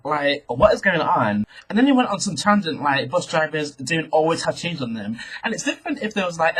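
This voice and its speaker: A young man telling a sassy, animated storytime rant to camera, calling his viewers girl. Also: on the high side, breathy edge, low-quality recording. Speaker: vlogger.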